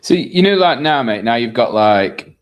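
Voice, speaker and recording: A man's voice: mid-range voice, animated, moderate pace. A man hosting a podcast, asking friendly, rambling questions in casual chat. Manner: friendly, leading questions, says mate. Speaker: podcast host.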